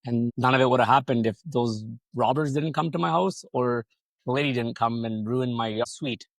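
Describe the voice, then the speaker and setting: A man's voice: medium pitch, moderate pace, vocal fry, dry recording. A man telling his business story as a podcast guest, rambling casually, swearing freely and acting out other people's lines. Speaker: podcast guest, solar company founder.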